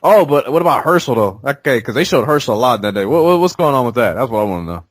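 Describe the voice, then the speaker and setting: A man's voice: medium pitch, lively intonation, fast talker, no echo, studio quality. A man co-hosting a casual podcast chat, laughing often and acting out quotes in funny voices. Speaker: podcast co-host. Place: podcast studio.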